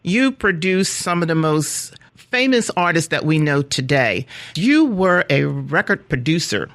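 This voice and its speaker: A woman's voice: low-pitched, a little slow. A woman hosting a radio talk show, interviewing a guest with lots of laughter. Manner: giggly, animated storyteller.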